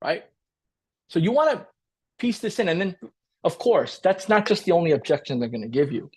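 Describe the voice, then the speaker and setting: Man, high lively voice, husky, energetic webinar coach, keeps asking "right?". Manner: energetic, repeats points, asks "right?" often; acts out client dialogue in quick role-play. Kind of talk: live training webinar.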